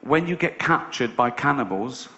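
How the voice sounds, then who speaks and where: English stand-up comic, echoey muffled live recording. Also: male voice, mid-range voice, animated, normal speed, very noisy. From England. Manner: storytelling with acted-out voices and bursts of laughter. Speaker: stand-up comedian. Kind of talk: stand-up comedy set. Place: large theatre stage before a live audience. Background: audience laughter.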